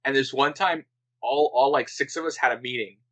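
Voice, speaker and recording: A man from Canada, telling an animated story in a casual podcast chat. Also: medium pitch, brisk, poor audio. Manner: animated storyteller, chatty and relaxed.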